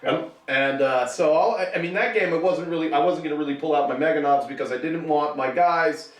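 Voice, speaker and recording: A man in his thirties hosts a casual hobby chat with a rather high voice, rambling along with sarcastic jokes. He sounds set back from the microphone in an echoey room. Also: a little fast, far from the mic. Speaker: show host.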